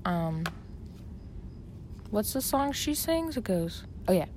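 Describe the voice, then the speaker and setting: Slow, hesitant woman chatting. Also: mid-range voice, big pitch swings, noisy background. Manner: hesitant, easygoing, laughing. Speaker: friend doing celebrity impressions. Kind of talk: casual chat.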